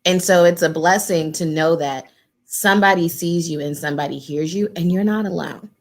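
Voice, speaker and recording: Woman, low register, earnest organizer type; casual, repetitive, emphatic delivery. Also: moderate pace. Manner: earnest and emphatic, repeats phrases for weight; casual and conversational, addresses the group directly. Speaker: community organizer and former political candidate. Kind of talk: heartfelt panel remarks.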